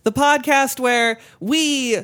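A woman's voice: high voice, fairly even intonation, slow, fairly bright tone, clear, resonant tone. A woman hosting a comedy podcast, trading playful, teasing banter with her guests. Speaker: podcast host. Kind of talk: casual comedic podcast chat.

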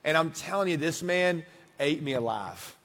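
A man in his thirties preaching a conversational sermon, moving between hushed asides and emphatic passages. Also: a little high, lively intonation, normal speed. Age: 30s. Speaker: pastor. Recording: long hall reverb.

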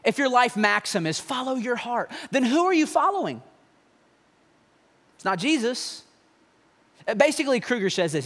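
Male pastor, animated conversational sermon, high lively voice, reverberant sanctuary. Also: normal speed, pauses often. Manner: animated, conversational preaching with mocking asides. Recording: long hall reverb.

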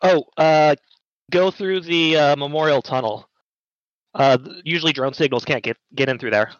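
A man's voice: fairly high pitch, moderate pace, no room sound. A man chatting casually at a tabletop game, starting lines hesitantly with "oh, uh.". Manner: hesitant, lots of "oh, uh". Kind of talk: casual chat. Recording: dull lo-fi dry sound.

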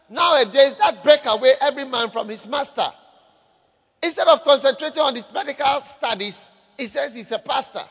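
A man's voice: very high voice, expressive, moderate pace, fairly bright tone, husky. A man who is a pastor, preaching a sermon and calling on the congregation for responses. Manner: calls for audience response. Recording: echoey hall reverb.

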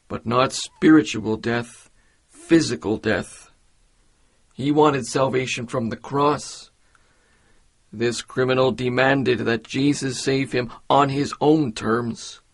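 Slow, earnest male preacher. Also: medium pitch. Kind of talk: devotional meditation.

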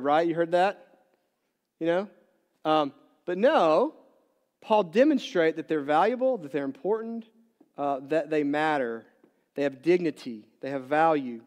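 A male pastor delivers a sermon full of questions for the congregation, alternating loud emphatic bursts with quiet, low asides. A long reverb from a large hall hangs on the sound.

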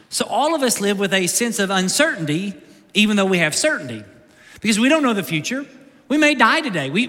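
A pastor preaches with urgency, hammering home repeated lines. His voice sits high and bright. It rings out with the long reverb of a large church sanctuary. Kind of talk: sermon. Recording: long reverb of a big hall.

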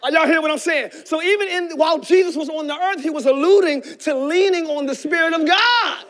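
Man, pastor, very high voice, fervent shouted sermon, calls to the congregation. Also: fairly quick.

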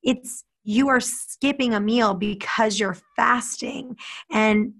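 Woman with a gravelly edge, chatty and animated, jumps up high when she quotes people. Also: takes it slowly. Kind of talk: casual chat.

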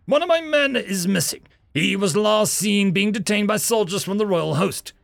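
A man's voice: high-pitched, expressive, moderate pace, gravelly, a bit bright, no echo, clean studio sound, voice pushed up, exaggerated voice. A man voicing a tough woman marine sergeant who speaks in a clipped, commanding way. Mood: stern.

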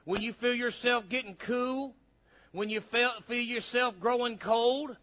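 A man preaching a sermon, animated, acting out little dialogues, on a dull lo-fi recording. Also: very high voice, a little slow. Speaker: pastor.

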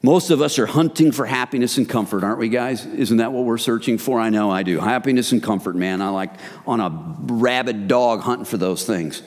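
A man's voice: mid-range voice, fairly quick, few pauses. A man preaching a sermon to a men's group, emphatic and exhorting, who keeps calling his listeners guys. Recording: long hall reverb.

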